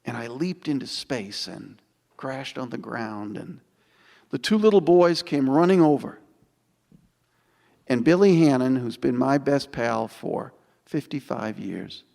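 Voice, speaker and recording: A man in his sixties giving an inspirational storytelling speech, building dramatic repetitions with slow, emphatic pauses. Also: mid-range voice, gravelly, a little mellow. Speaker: motivational speaker. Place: large auditorium. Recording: long auditorium reverb.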